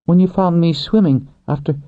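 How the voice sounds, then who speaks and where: A woman's voice: fairly low pitch, pitched above the performer's own voice, natural voice. A man voicing a shy, wary young dragonrider woman. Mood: hesitant. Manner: soft, hesitant, halting. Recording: tinny phone-like, dry.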